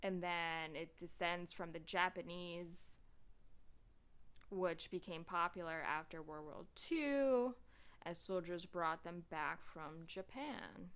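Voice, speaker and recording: A woman's voice: fairly low pitch, slow pace, a bit bright, smooth. A young adult woman hosting a podcast, talking casually and rambling through stories with lots of filler words. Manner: rambling, filler-heavy storytelling. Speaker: podcast host. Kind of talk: casual chat.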